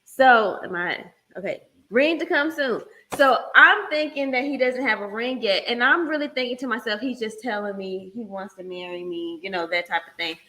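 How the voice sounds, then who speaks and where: A woman in her thirties co-hosting a casual livestream chat, telling a story in a lively, teasing way and acting out quotes. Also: fairly high pitch, normal speed, hardly any pauses. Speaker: co-host, fiancée.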